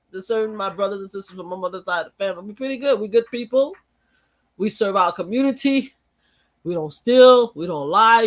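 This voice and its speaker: A woman hosting her own channel, giving blunt, profane and heated commentary with bursts of laughter. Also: mid-range voice. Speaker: channel host. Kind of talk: casual political commentary. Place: home in New York.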